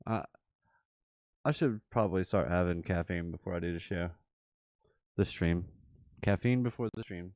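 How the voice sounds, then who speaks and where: A man's voice: low-pitched, normal speed, long pauses, darkish tone, no room sound, studio quality. A man hosting a livestream, giving casual live chart commentary and thinking aloud with repeated phrases. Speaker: livestream host.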